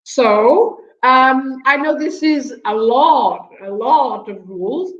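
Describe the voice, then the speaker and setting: Woman teaching grammar, lots of ums, unhurried, roomy lo-fi video call sound. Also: high-pitched, a bit bright. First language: Portuguese. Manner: patient, many fillers, checks in with "right?", light laughs. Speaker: language teacher guest. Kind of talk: explaining grammar on an online show. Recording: echoey, dull lo-fi video call audio.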